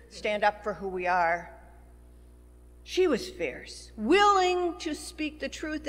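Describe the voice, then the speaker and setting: Woman minister, sermon delivery, unhurried, in a sanctuary with long reverb. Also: on the high side, fairly bright tone. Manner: slow, measured preaching with rising emphasis. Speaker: pastor. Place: church sanctuary. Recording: long church hall reverb.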